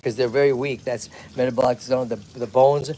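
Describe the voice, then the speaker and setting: A man's voice: medium pitch, steady tone, fairly quick, warm tone, slight background noise. A man with a Massachusetts accent hosting a livestream outdoors at a tortoise pond. He talks energetically and chattily, and keeps checking in with "okay?" and "right?". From Lowell, Massachusetts. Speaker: tortoise rescue host. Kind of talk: livestream chat.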